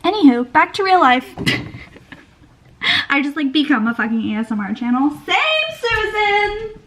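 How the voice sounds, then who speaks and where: A woman's voice: high voice, lively intonation, normal speed, a bit bright, slight background noise. A young woman in her twenties chatting casually in a vlog, swearing freely and saying "like" constantly. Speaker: vlogger. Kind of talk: casual chat.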